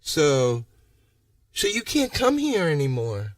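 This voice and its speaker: A man's voice: fairly high pitch, wildly swooping pitch, slow pace, dry recording, studio quality, recorded from a distance, pitched above the performer's own voice, heavily acted. A man putting on a sarcastic, sing-song voice to mock a dismissive healthcare office clerk.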